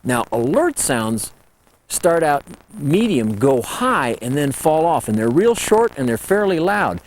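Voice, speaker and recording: A man teaching elk calling in a folksy, lively way, breaking into high call demonstrations. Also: measured pace. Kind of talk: instructional talk.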